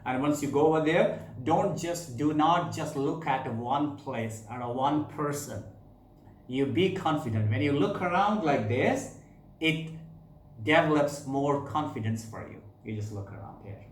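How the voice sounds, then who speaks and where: Brief: man, slightly high voice, HR tips with many fillers, roomy echo. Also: lively intonation, measured pace, slight background noise. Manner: repetitive, fillers, demonstrates gestures. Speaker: HR advice presenter. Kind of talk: advice talk to camera.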